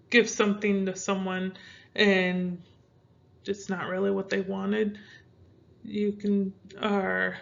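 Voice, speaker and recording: A young woman from Minnesota with a Midwestern American accent gives a casual Spanish lesson, teaching phrases in a rambling way with many fillers. Her mid-range voice has vocal fry and a fairly bright tone, though the recording's highs are cut off.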